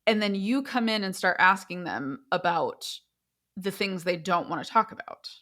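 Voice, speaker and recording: A woman in her thirties, a therapist and podcast co-host, chatting casually and animated when she tells a story. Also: on the low side, moderate pace.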